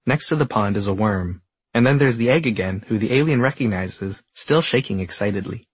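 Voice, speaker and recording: A man narrating a whimsical storybook tale with a husky, slightly low voice. His delivery is gentle and deadpan, and the recording is close and dry with no room echo. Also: a little fast. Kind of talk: scripted narration.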